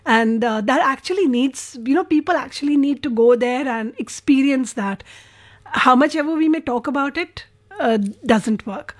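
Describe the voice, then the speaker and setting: A woman hosts a radio music show in a high, bright voice. She gushes sentimentally over listener messages and sounds openly moved by them. The chat flows in an effusive, heartfelt way. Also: normal speed. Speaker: radio host.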